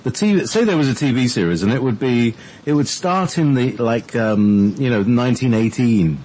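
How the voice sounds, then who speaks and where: A man co-hosting a casual talk show, rambling with sudden pitch swings. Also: lively intonation, normal speed, darkish tone.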